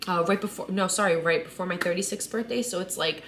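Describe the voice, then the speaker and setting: Woman, 30s, lowish voice, candid vlog monologue, faint room hum behind. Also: fast, a bit bright. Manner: candid, emotional, conversational with many "like" and "right?". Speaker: mother sharing her story.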